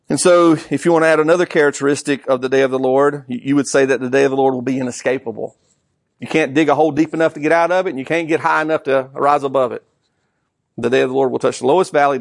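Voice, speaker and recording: A man's voice: medium pitch, creaky, no echo, studio quality. A man preaching a sermon, stressing key words with repetition and rhetorical questions. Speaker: pastor.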